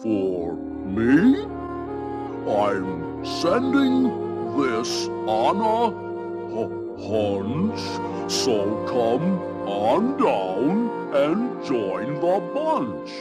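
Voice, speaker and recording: Brief: gentle giant cave bear, 1980s cartoon, very slow and swooping, loud score underneath. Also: mid-range voice, wildly swooping pitch, exaggerated voice. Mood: touched. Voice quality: slow, drawn-out reading. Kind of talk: 1980s animated TV special. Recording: cartoon clip over loud music.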